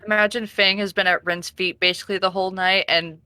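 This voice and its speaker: Woman player, mid-pitched voice, upbeat and eager. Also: steady tone, a little fast, sharp tone, no echo, soft background music. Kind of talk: casual tabletop game play.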